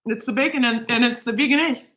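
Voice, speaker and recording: A woman vlogs from her home kitchen, gushing over her food in an emotional, chatty way. Her voice is bright and sits a little high, and the room adds a clear echo. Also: quick pace. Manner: gushing and emotional, talks while eating. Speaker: cooking vlogger. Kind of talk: casual chat to camera.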